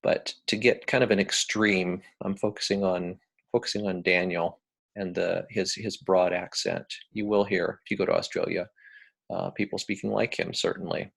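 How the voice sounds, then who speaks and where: An American man giving a recorded lecture, talking in a relaxed, hesitant way with many ums and uhs. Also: sits low, moderate pace, gravelly, breathy edge. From United States.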